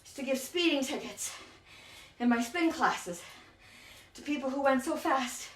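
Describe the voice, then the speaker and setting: A woman's voice: high voice, unhurried, fairly bright tone, distant mic, slight background noise. An out-of-breath woman, a spin instructor, coaching a bike workout and counting down intervals with encouragement. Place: indoors on an exercise bike. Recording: echoey room, voice off-mic.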